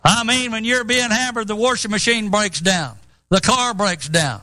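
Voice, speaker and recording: A man's voice: high-pitched, normal speed, sharp tone, no room sound. A middle-aged man preaching a sermon, emphatic and quoting scripture with rising intensity.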